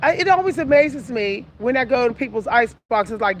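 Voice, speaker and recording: A woman's voice: fairly high pitch, lively intonation, brisk, hardly any pauses. A woman in her forties giving casual advice to her viewers, preachy and repeating herself for emphasis. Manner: preachy, repetitive, talks straight to the audience. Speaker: vlogger.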